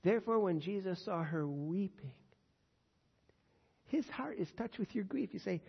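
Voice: medium pitch, animated, measured pace, creaky, long pauses, slightly rough, long reverb tail, lo-fi sound. A pastor teaching verse by verse through a Bible passage in a conversational, earnest way, with frequent fillers.

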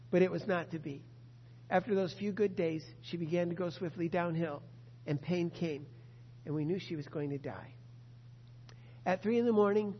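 A man preaching a sermon and reading a story aloud, earnest and emphatic, slowing down on key words. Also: high-pitched. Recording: muffled sound in a reverberant hall.

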